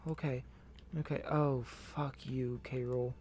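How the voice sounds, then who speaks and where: A young adult man streaming a video game, tired and rambling, with profane deadpan grumbling. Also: medium pitch, unhurried. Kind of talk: casual gameplay commentary.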